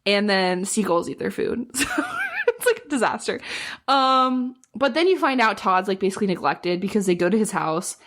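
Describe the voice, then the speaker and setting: A woman's voice: mid-range voice, animated, normal speed, fairly bright tone. Chatty young woman recapping a book. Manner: chatty, fills with "like", acts out characters' lines. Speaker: podcast co-host. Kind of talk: casual chat recapping a book plot.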